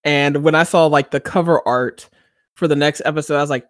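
A man chatting casually about a TV episode, his voice sitting a little high for a man. He tells the story with animated energy and breaks into loud excited cheers. The sound is dry and close, with no room around it. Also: fairly quick, no echo. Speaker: podcast co-host. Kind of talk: casual chat recapping a TV episode.

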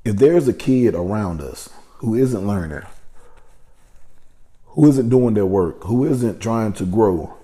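A man's voice: lowish voice, lively intonation, slow pace, dark tone. A man telling a personal story in a casual, profane, rambling monologue, often restarting his sentences.

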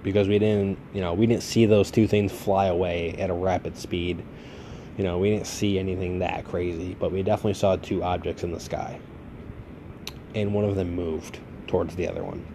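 A man's voice: deep voice, level tone, moderate pace, noisy background. A man in his late twenties casually telling a long story on his podcast, rambling and swearing freely. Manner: rambling, profane, laid-back. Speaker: podcast host.

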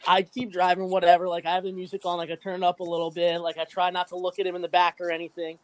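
A man's voice: sits high, completely flat delivery, racing, rough recording. A man telling a rambling, profane story in casual chat, packing his talk with "like" and laughing often. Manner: fillers "like" constantly.

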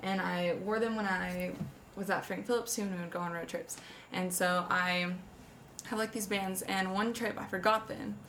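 Young woman, bright crisp tone, rambling casual storyteller. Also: mid-range voice, steady tone, normal speed, slight background noise. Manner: chatty, many "like" fillers.

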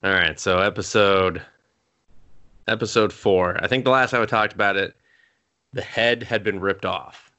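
Man, lowish bright voice, casual rambling podcast chat, swears a lot, tosses in quick character voices. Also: fairly even intonation, highs cut off. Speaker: podcast co-host. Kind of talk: casual chat recapping an anime episode.

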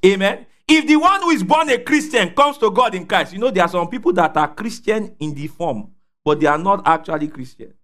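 A man preaching a sermon, calling out questions for the congregation to answer and rising to shouts at the peaks. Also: high-pitched, lively intonation, a little fast. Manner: call-and-response preaching, asks congregation to fill in words.

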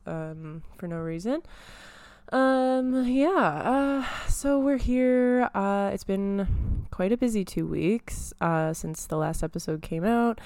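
Young woman rambling on her solo podcast at home, smooth low voice, dead dry sound. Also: slow pace, darkish tone, no echo. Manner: chatty, rambling, many fillers. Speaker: podcast host. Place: her apartment.

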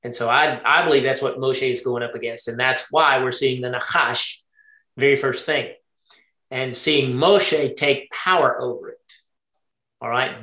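A man's voice: mid-range voice, moderate pace, bright, forceful tone, echoey room. A man leading an interactive Torah study lesson. He thinks aloud, often asks his group questions and checks they are following along. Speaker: Bible study teacher.

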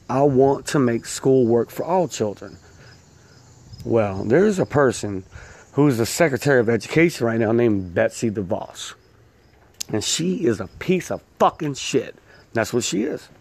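A man hosting his own show, delivering a profane, laughing rant. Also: medium pitch. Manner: loud, swearing, laughing, animated ranting. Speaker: host.

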